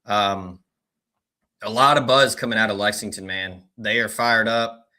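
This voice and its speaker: A man guesting on a sports podcast as a recruiting analyst, talking in relaxed, filler-heavy casual chat. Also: fairly low pitch, unhurried.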